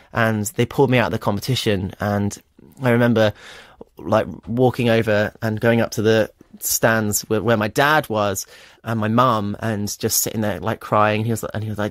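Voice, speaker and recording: A man's voice: lowish voice, steady tone, fairly quick, no echo. A young man in his twenties from England, a guest telling his story in a radio interview, candid and earnest with many fillers. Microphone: studio microphone. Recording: dry studio sound.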